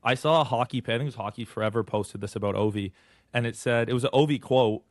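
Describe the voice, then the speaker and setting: A man hosting a casual podcast, chatty, with quick restarts. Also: mid-range voice, no room sound, clean studio sound. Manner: rapid, chatty, trailing restarts. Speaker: podcast host.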